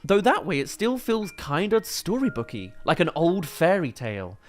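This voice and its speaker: A man's voice: a little high, big pitch swings, moderate pace. A man giving detailed, enthusiastic film analysis commentary as a reviewer.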